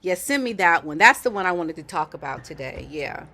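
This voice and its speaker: A woman's voice: fairly low pitch, sing-song, a little fast, pushed and bright. A woman hosting a casual commentary livestream, chatting with viewers in the chat and often checking in with "okay?". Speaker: livestream host.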